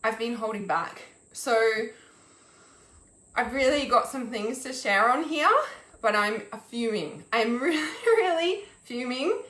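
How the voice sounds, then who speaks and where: A woman's voice: fairly high pitch, animated, fairly bright tone. A young woman ranting angrily on a live stream, swearing and restarting her sentences as she talks about reaching her limit. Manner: fuming, swearing, halting restarts. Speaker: intuitive healer and mentor, live streaming. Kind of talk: angry live-stream rant. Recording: echoey room.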